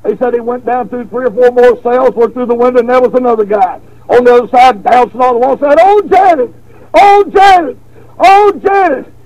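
A man preaching a revival sermon, telling a folksy story with repeated words, then stressing points with slow emphasis. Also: very high voice, flat delivery, a little mellow, low-quality recording.

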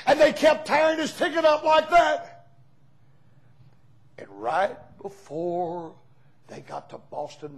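Man, revival preacher, gravelly, high-pitched, folksy, shouting bursts. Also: rough recording. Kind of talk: revival sermon.

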